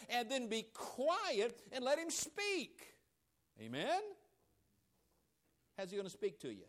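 The male pastor takes his time, leaving long pauses and letting his pitch swing hugely. His sermon shifts between loud, emphatic lines and quiet, low asides, with quoted voices acted out.

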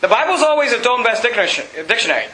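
Bright, high-voiced preacher man. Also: very fast, slight background noise. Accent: non-standard accent. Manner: emphatic, animated preaching with asides and jokes. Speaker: pastor. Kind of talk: sermon. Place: church sanctuary. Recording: echoey church room.

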